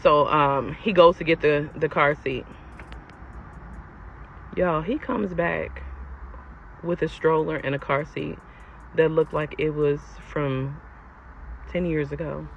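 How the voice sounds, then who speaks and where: A young woman telling a personal storytime to her viewers in a casual, animated and exasperated way. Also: sits low, slow pace, gravelly, pauses often. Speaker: storyteller vlogger. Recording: lo-fi with faint background noise.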